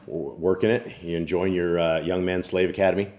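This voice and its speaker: A man's voice: deep voice, fairly even intonation, a little fast, darkish tone. A man hosting a family scripture channel, joking casually and then preaching emphatically. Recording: echoey room.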